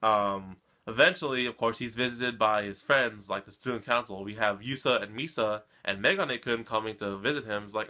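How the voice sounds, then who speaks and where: A man's voice: on the low side, a little fast, few pauses, sharp tone. A man hosting an anime reaction channel, recapping an episode in a casual, emotional and rambling way, often turning to his viewers. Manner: emotional, rambling, keeps addressing viewers with "guys" and "come on".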